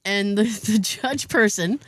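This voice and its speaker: A woman's voice: mid-range voice, measured pace, fairly bright tone, dry recording, clean studio sound. A woman from Massachusetts hosting a podcast, telling a story casually, laughing often and acting out other people's lines. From Massachusetts, USA. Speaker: podcast host.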